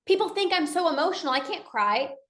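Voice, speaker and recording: A woman speaks with a bright, high voice in a casual motivational talk. She talks earnestly as a coach and slips into quoted inner dialogue. The room around her rings with noticeable echo. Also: lively intonation, brisk. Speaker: binge eating coach.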